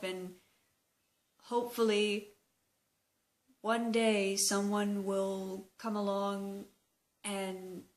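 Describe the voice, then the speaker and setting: A young woman talking slowly and hesitantly in a personal video diary, open and emotional. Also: medium pitch. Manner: slow, hesitant, emotional confessional talk. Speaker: vlogger.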